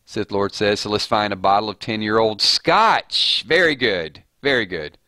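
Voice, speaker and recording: A man hosts a relaxed livestream, reading out viewers' rhymes and judging them in a playful way. His voice is lowish, bright and forceful, with lively intonation at a moderate pace, captured in clean, echo-free studio sound.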